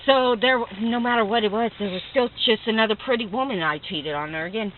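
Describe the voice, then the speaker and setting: A woman telling crude jokes to friends in a rambling, profane, animated way. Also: on the high side, fairly quick, slight background noise. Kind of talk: casual joke telling among friends. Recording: tinny phone-like sound.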